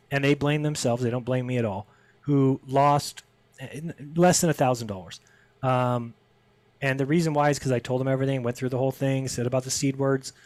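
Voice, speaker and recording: A man's voice: medium pitch, a little mellow, dry recording. A man as a podcast guest, telling a story in casual conversation and acting out the people he quotes with a raised voice.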